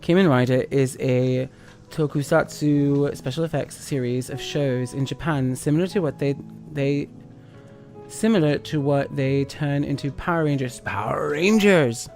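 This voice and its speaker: A man's voice: medium pitch, steady tone, normal speed, a little mellow, faint music behind. A tipsy man chatting casually while streaming a game, rambling with lots of fillers.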